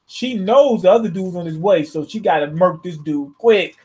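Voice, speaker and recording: High-voiced man giving a slangy review. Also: moderate pace. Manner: slangy, laughing, thinks out loud. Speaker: manga reviewer. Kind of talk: casual reaction review.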